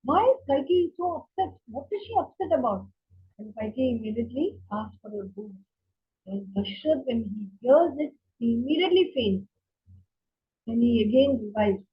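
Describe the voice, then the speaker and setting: A woman telling a story to a children's class, lively with many fillers and restarts, in a dull lo-fi recording. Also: fairly high pitch, normal speed, slightly rough.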